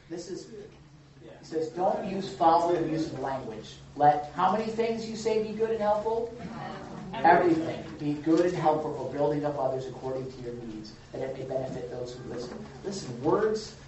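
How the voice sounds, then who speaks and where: Man leading a Bible study, animated and playful; far, roomy sound. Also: fairly high pitch. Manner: animated, jokey, acts out quotes. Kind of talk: church teaching with group discussion. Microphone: room mic from a distance. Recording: echoey hall, far from the mic.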